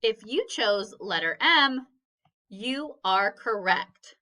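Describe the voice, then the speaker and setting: Slow, bright-voiced phonics teacher woman. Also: mid-range voice, animated. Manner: patient, encouraging, sounds out each letter. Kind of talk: slow phonics lesson for children.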